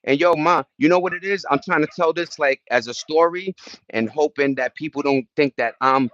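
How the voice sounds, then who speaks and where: Middle aged guy rambling on his stream, lots of slang, shouting out chat, muffled dry audio. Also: a little high, normal speed, no room sound. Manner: slangy, loose storytelling, greets chat viewers between stories. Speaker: livestream host. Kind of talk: casual livestream chat.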